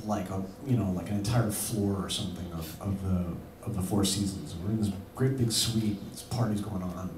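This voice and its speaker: A man's voice: low voice, fairly even intonation, moderate pace, hardly any pauses. Rambling man telling a story, echoey. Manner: rambling and laughing, full of fillers. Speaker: musician telling a story on stage. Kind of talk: live anecdote. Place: bar music venue. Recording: echoey live room from far off with noise.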